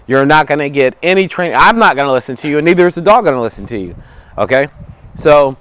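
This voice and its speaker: Male dog trainer, higher-pitched, instructional; plain step-by-step explanation with short commands to the dog, outdoors. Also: a bit bright. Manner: explains step by step, tags lines with "right?" and "okay?".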